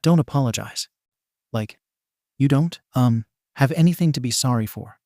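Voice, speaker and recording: A man's voice: medium pitch, moderate pace, mellow, no room sound, clean studio sound, natural voice. A man voicing a laid-back teenage boy vigilante who talks casually and awkwardly, with some swearing.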